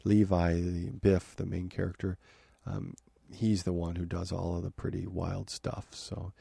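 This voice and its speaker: Deep, gravelly man rambling on a podcast. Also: level tone, unhurried, dark tone, no room sound. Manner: rambling, many fillers and restarts. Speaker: podcast host. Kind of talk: casual review talk. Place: home office.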